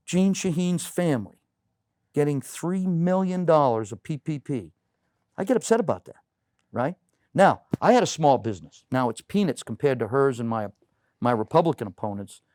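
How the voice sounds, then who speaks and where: Medium in pitch and darkish in tone, with no room sound, this is a middle-aged US man running for office. He's an interview guest at a local TV studio, emphatic and earnest, saying "you know" a lot.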